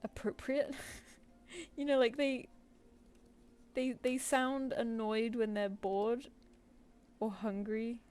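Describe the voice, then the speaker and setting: A woman's voice: on the high side, little pitch movement, takes it slowly, long pauses, a little mellow. A woman with a British accent chatting casually with viewers while she works on a live stream, rambling with lots of fillers. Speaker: streaming artist.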